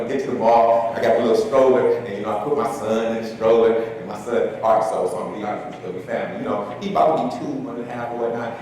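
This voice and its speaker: A man's voice: medium pitch, a little hiss or hum. A man speaking at a conference, telling a funny personal story in a loose, colloquial way and acting out the people in it. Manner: animated, colloquial, acts out other people's voices. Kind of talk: humorous personal storytelling to an audience. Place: conference hall with live audience. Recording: echoey hall, distant mic, audience.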